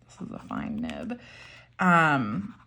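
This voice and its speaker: A woman's voice: low voice, huge pitch swings, takes it slowly, vocal fry, pushed and bright. A woman chatting casually and enthusiastically while showing and writing with her pens, with many fillers. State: voice getting froggy. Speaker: pen and ink vlogger.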